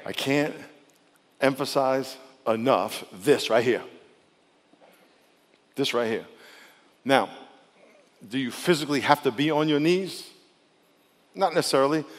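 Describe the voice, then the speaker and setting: A male pastor preaching a sermon in a conversational, emphatic way, sometimes dropping to a soft, intimate tone. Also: mid-range voice, in a large hall.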